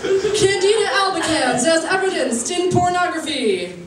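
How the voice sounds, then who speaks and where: A young woman doing a stand-up comedy set with a halting, chatty delivery full of fillers, often laughing at her own jokes. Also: very high voice, animated, a loud crowd. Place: comedy venue stage. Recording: roomy live-venue sound from a distance.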